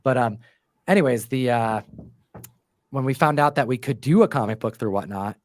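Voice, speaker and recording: A man's voice: medium pitch, moderate pace. A man chatting casually about his comic book work, rambling with lots of fillers and restarts. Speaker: comic book co-writer and show host. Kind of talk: casual interview chat.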